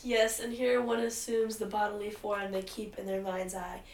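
A woman's voice: mid-range voice, little pitch movement, normal speed, darkish tone, recorded from a distance, slight background noise, lightly acted. Fierce young cyberpunk warrior princess voiced by a woman, earnest, heroic, echoey room, a bit off-mic. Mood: proud. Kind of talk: comedic improv script reading.

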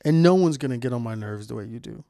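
A man's voice: mid-range voice, expressive, fast talker, creaky, dark tone, dry recording, clean studio sound. A man hosting a casual podcast, talking with heavy swearing and frequent laughter as he rants. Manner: profane, laughing, ranting. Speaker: podcast host.

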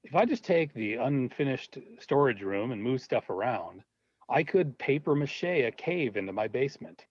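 A man's voice: medium pitch, moderate pace, slightly rough, no room sound. A man as an interview guest, telling a story in a casual, laughing way and acting out the voices in it. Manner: animated, laughing, acts out voices in his stories. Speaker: guest, low-budget filmmaker. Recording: dull, dry lo-fi audio.

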